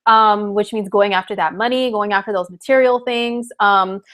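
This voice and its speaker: A woman's voice: mid-range voice, fairly even intonation, moderate pace, a bit bright. A woman astrologer giving a casual live-streamed forecast, chatty and candid with many fillers.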